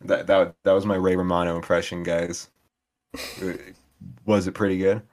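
A man's voice: low voice, little pitch movement, normal speed, a little mellow. A man co-hosting a podcast in casual chat, jokey and playful, always doing bits. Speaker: podcast co-host.

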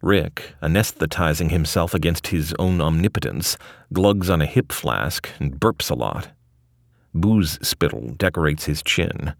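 A man's voice: extremely low pitch, unhurried, gravelly, dry recording, studio quality. A man narrating a scripted audio essay with a wry, ornate delivery.

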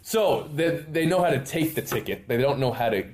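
A man's voice: medium pitch, a little fast, a little hiss or hum. A middle-aged man, a podcast guest, telling a long story with lots of energy and putting on voices for the people in it. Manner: lively, theatrical, acts out other people's lines. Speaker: interview guest. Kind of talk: animated storytelling.

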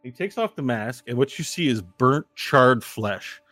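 A man narrating a tabletop game as game master, lively and descriptive. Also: mid-range voice, measured pace, no room sound, soft background music.

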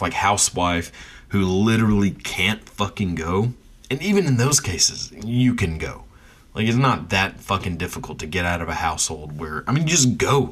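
Deep, husky man ranting bluntly. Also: a bit bright. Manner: blunt, profane, laughs between points. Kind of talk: casual rant.

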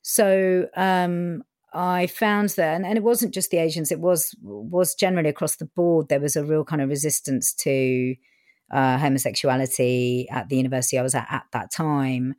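A woman's voice: low voice, steady tone, normal speed, darkish tone, no echo, studio quality. A woman from England, telling her own story frankly in an interview, with plenty of fillers and the odd swear word. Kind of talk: candid personal storytelling.

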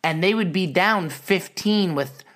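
A man hosting his own show, telling a story in a profane, wisecracking and lively way. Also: high voice, a little slow. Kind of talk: casual storytelling monologue.

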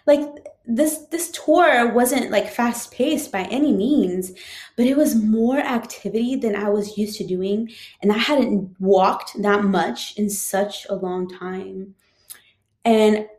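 A woman's voice: medium pitch, a little mellow. A woman who is a teacher, casually telling a personal story with lots of fillers. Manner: chatty, frequent "like" and "um" fillers. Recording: roomy echo.

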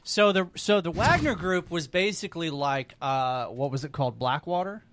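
A man co-hosting a podcast, reading news articles aloud in a relaxed, conversational way with stumbles and restarts. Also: a little high, normal speed, no room sound. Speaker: podcast co-host.

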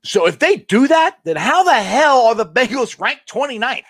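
A man's voice: extremely high pitch, moderate pace, no echo, clean studio sound. A man hosting a casual sports talk livestream, talking passionately with lots of restarts and reading viewer comments. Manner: passionate, animated, many restarts.

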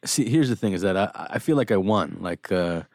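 A man's voice: sits low, animated, fairly quick, a little mellow. A man, an actor who hosts a podcast, chatting in a laid-back way and swearing freely. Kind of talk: casual chat.

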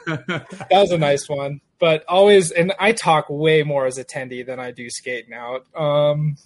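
A man with a somewhat high voice chatting casually. He hesitates often and fills gaps with ums as he recalls things. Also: fairly even intonation, unhurried. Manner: hesitant, many fillers. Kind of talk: casual chat.

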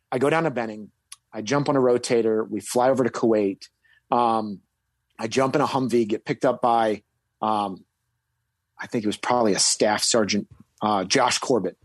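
A guest recounts his military service in a casual, rambling story packed with fillers and restarts, suddenly hitting key words with emphasis. His mid-range voice is recorded with no room sound.

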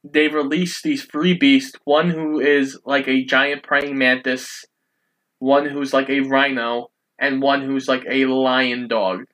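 A man retells a movie plot beat by beat in a relaxed podcast chat. His voice sits at a middle pitch, plain and steady, with the odd curse slipping in. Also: slow pace, poor audio. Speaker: podcast co-host. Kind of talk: casual movie recap chat.

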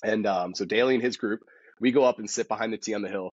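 A man who is a podcast guest and golf instructor, telling a story in a casual, animated way. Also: fairly low pitch, fast, husky, dry recording, highs cut off.

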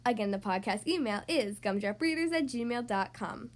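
A woman's voice: on the high side, expressive, moderate pace. A woman hosting a children's book podcast, reading aloud playfully and adding sound effects. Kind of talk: children's story read-aloud.

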